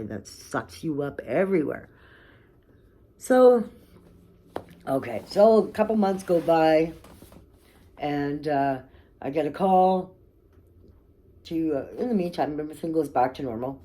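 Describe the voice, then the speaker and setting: A woman tells her own story straight to camera in a low, warm voice. She is candid and blunt, curses freely, and keeps checking in with her listeners. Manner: candid and blunt, swears freely, frequent "okay?" and "right?". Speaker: vlogger telling her life story.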